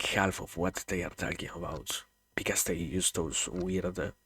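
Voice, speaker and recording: A man's voice: low voice, gravelly, bright, forceful tone, husky. A man from Argentina with an Argentine Spanish accent, chatting casually with viewers as a streamer, hesitant with many fillers and restarts.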